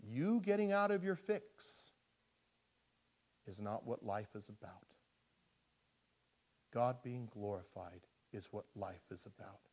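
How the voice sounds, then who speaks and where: A man preaching a sermon in a conversational, humorous style, animated and quick to laugh at himself. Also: lowish voice.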